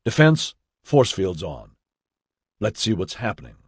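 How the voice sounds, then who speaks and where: A man's voice: lowish voice, big pitch swings, unhurried, breathy edge, dry recording, studio quality, heavily acted. A man voicing a decisive male starship captain giving clipped orders. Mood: commanding.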